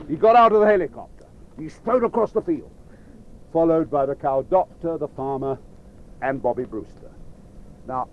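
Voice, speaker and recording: A playful male storyteller telling a children's tale to a live audience, chatting directly with his listeners. His voice is fairly high, and the recording sounds dull and lo-fi. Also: slight background noise.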